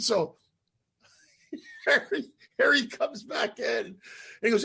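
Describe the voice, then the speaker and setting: A man hosting a casual interview chat, telling a rambling, animated story and laughing along the way. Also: very high voice, slow pace, gravelly, pauses often, husky. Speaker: host.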